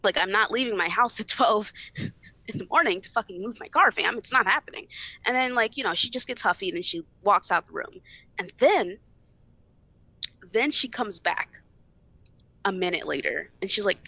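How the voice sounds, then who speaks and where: A woman's voice: medium pitch, expressive, moderate pace, long pauses, bright, forceful tone, dry recording. A young woman guest on a podcast, bluntly retelling a family argument with lots of swearing and acted-out dialogue. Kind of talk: casual storytelling chat.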